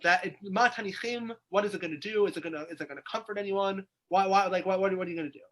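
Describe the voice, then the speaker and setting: Over a video call, a rabbi leads his weekly Torah class, working through the text by posing questions out loud in a lively study lecture. His voice is high-pitched, a bit bright, and rapid-fire.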